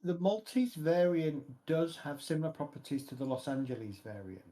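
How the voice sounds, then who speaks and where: A man narrating a tabletop horror game as game master, describing scenes slowly and carefully. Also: fairly high pitch, warm tone, low-quality recording. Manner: slow, measured scene narration. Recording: faint music behind.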